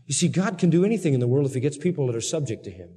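A man preaching a sermon, slowing down to read scripture aloud with emphasis. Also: a little high, lively intonation, mellow, breathy edge. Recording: long hall reverb.

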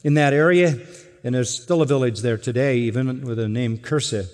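A man preaching an expository sermon, earnest and emphatic, slowing to stress key words. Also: mid-range voice, a little mellow. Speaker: pastor. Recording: long hall reverb.

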